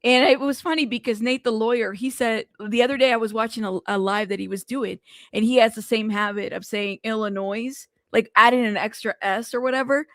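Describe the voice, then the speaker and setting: A woman's voice: fairly high pitch, fairly even intonation, brisk, a bit bright, no room sound, studio quality. A woman hosting a casual news livestream, chatting with her live chat and using a lot of fillers. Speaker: news show host.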